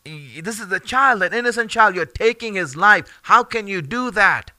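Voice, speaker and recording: An animated man retells a religious story as a sermon, in a conversational and lively delivery. His voice is sharp and tense, set a bit high, and it sounds dry and close. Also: moderate pace, no echo. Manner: animated, conversational, many fillers and laughs. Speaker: religious teacher.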